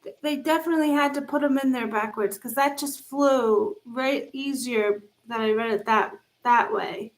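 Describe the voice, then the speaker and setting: A woman's voice: a little high, normal speed, low-quality recording. A woman hosting a casual live stream, reading text messages aloud and chatting with viewers about them. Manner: reads text messages aloud and reacts to chat. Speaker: livestream host reading viewer comments.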